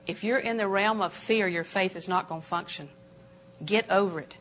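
An older woman preaching a sermon in a church auditorium, animated and emphatic, with sudden jumps in pitch. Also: moderate pace.

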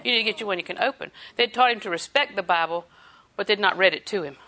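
A woman's voice: mid-range voice, fast, sharp tone. An older woman preaching a sermon in a folksy, chatty way, laughing often.

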